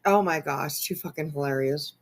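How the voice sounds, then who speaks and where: A woman hosting a casual live stream, reacting to a clip with frequent laughter and free swearing as she chats with viewers. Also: sits low. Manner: laughs often, swears freely, talks slowly. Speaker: streamer host.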